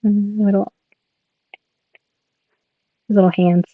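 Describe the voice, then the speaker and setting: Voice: medium pitch, level tone, slow pace, narrow, tinny audio. A young adult artist chatting casually on a livestream while drawing, rambling, laughing often and swearing.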